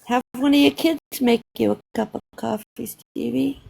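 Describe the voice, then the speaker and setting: A woman's voice: on the high side, steady tone, normal speed, creaky, a little mellow, husky, no echo. A woman chatting casually on a livestream, playful and teasing. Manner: playful, teasing, drifts into singing. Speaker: livestream co-host.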